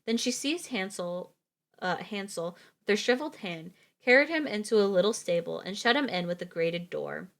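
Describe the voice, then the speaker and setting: A woman's voice: mid-range voice, animated, moderate pace, vocal fry. A young woman streamer reading fairytales aloud, casual and chatty, laughing easily and correcting her own slips.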